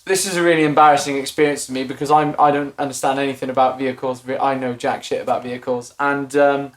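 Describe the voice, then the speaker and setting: A man's voice: mid-range voice, little pitch movement, fast. A man telling a story in casual chat on a podcast, rambling and self-deprecating with many fillers. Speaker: podcast co-host. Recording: echoey room, faint noise.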